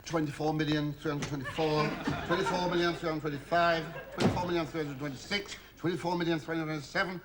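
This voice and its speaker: A man's voice: on the high side, steady tone, fast, few pauses, close to an everyday voice. An actor playing a cheeky army batman full of innuendo, chatty and fawning toward his colonel. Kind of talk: British sitcom acting. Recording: noisy recording with hiss.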